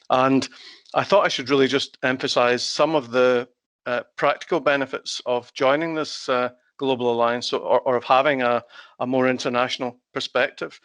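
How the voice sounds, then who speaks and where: A man with a Scottish accent giving an online conference presentation as a guest expert over a video call, measured and with frequent hesitations. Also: medium pitch, fairly bright tone, no echo. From Scotland.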